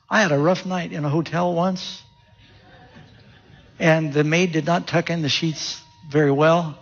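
Gravelly husky guy preaching, vivid storyteller with big pitch swings, muffled lo-fi sound. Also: fairly even intonation, measured pace. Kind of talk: storytelling sermon.

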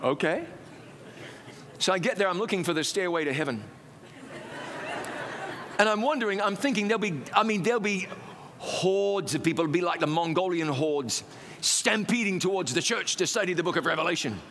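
A man preaching, telling his own testimony as a lively, self-mocking story. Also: high-pitched, brisk, big-room sound, slight background noise.

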